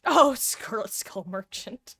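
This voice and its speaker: A woman's voice: fairly high pitch, lively intonation, slow, gravelly, fairly bright tone. Chatty young woman streamer. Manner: chatty, self-deprecating, swears casually. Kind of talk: casual live-stream chat.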